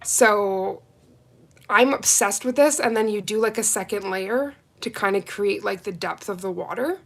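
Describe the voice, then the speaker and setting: A woman hosts a live nail art stream, taking her time as she talks. She gushes with excitement over each color and chats casually with her viewers. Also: mid-range voice, unhurried, gravelly. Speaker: nail art livestream host. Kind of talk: casual live unboxing chat.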